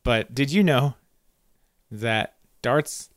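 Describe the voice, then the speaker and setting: A man putting on a pompous male darts champion character in a slow, lowered mock announcer voice. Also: lively intonation. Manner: mock public service announcement delivery.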